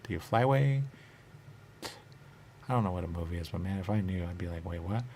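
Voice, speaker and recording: A man talking in a rambling, trance-like monologue, halting and repeating the same phrases over and over. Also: low-pitched, lively intonation, darkish tone, slight background noise. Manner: repetitive, halting, circles back on phrases.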